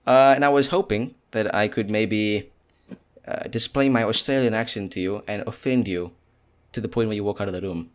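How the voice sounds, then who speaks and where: Chatty South African podcast host. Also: male voice, lowish voice, normal speed. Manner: chatty, laughs often, restarts lines. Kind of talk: casual podcast chat.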